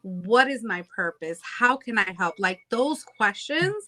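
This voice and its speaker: A woman's voice: medium pitch, expressive, a little slow, pushed and bright. A woman hosting an interview, reflecting on the guest's story and asking layered questions. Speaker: podcast host. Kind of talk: interview conversation.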